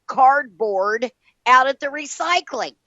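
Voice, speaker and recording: A woman's voice: high voice, expressive, takes it slowly, sharp tone, dull audio. An older woman co-hosting a casual radio chat show, talking in a chatty, emphatic way and telling stories. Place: restaurant lounge.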